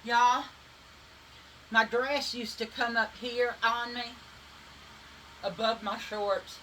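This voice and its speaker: A woman's voice: fairly high pitch, steady tone, takes it slowly, bright, forceful tone, slight background noise, poor audio. A woman, chatting casually and swearing freely while doing her makeup at home. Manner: chatty, swears casually, addresses viewers as y'all. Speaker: vlogger.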